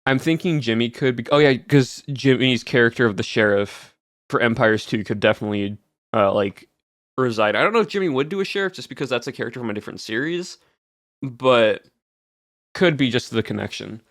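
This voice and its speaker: A man's voice: mid-range voice, expressive, fairly quick. A male streamer chats casually with his audience, wandering from thought to thought and answering chat as he goes. His voice sits mid-range, and the sound is dry and close with no room echo. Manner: rambling, filler-heavy, answers chat.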